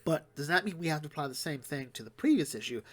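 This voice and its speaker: A man giving a casual solo comic book review, retelling plots quickly and rambling with fillers and restarts. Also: fairly high pitch, animated.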